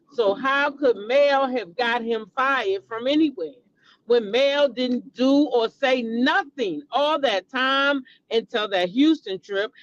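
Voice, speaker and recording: A woman host dishing gossip in an unhurried, deliberate way, hammering her points home with repetition and profanity as she addresses her viewers directly. The sound is dry and a bit dull, like a lo-fi recording. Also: a little high, dry recording. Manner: emphatic, repetitive, profane, talks straight to viewers. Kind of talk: casual gossip commentary.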